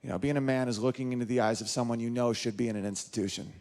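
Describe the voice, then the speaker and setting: A man in his thirties doing an animated stand-up comedy routine, jumping in and out of character voices. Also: very fast. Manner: animated, jumps into high-pitched character voices.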